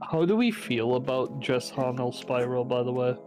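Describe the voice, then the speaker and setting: Man, gameplay stream, relaxed, hesitant, lots of fillers, faint background music. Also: mid-range voice, moderate pace. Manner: relaxed, hesitant, many fillers while reading chat. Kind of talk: casual gameplay chat.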